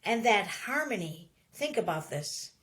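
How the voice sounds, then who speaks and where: A woman hosting a podcast in casual chat, speaking emphatically and dropping into soft, sighing asides. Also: medium pitch, big pitch swings, a little slow. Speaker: podcast host.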